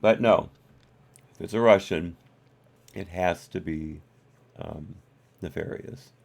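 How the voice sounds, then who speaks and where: A man's voice: sits low, slow, gravelly, a little mellow. A man hosting a live stream, reading documents aloud and breaking off for wry asides and corrections to his chat.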